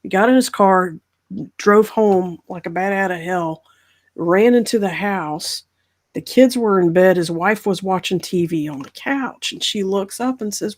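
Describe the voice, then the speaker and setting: Woman host, casual storyteller, lively, mid-pitched, slips into characters' voices. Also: unhurried. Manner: animated, acts out voices in the story. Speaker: podcast host.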